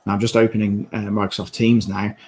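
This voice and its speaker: British man demoing gear, gravelly voice. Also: on the low side, little pitch movement, a little mellow, low-quality recording. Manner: halting, with many fillers and restarts. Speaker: presenter demonstrating a headset. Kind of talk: live product demo on a video call.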